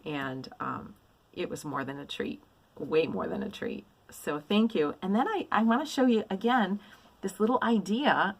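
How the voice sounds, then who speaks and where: Low-pitched woman hosting a craft vlog; effusive and gushing, plenty of ums. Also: poor audio. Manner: effusive, gushing with repeated praise and many ums. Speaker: stitching vlogger. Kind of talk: casual show-and-tell of a mail haul.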